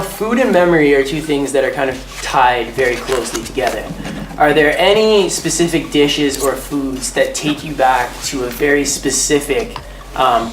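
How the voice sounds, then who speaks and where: Guy hosting a chill food interview, upbeat, echoey room w music under it. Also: medium pitch. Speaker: interviewer and host. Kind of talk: casual interview.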